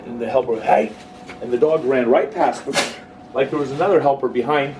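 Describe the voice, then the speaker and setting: A man runs a dog-training workshop as an informal, jokey lecture, acting out quoted voices for the listeners in the room. His mid-range voice is brisk. He sounds distant, with clear background noise.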